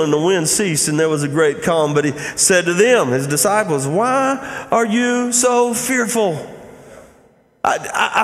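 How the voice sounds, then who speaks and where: Man preaching in a reverberant hall. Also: high voice. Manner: conversational preaching, frequent "Amen?" asides. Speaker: pastor. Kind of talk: sermon.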